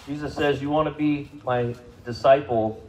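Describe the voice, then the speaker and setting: A man preaching a sermon to a congregation, speaking conversationally, asking them questions and rising in pitch and volume for emphasis. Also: steady tone, moderate pace, a little mellow, low-quality recording. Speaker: pastor. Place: church service.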